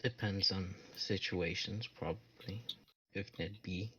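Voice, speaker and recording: A man's voice: sits low, slow, background noise. A man voicing a stoic male warforged barbarian construct with terse, clipped answers.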